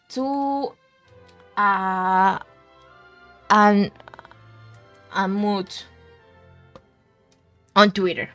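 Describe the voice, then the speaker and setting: A woman's voice: medium pitch, a bit bright, no room sound. A woman VTuber chatting casually with her stream chat in a rambling, giggly way, often restarting her words, at a desk mic.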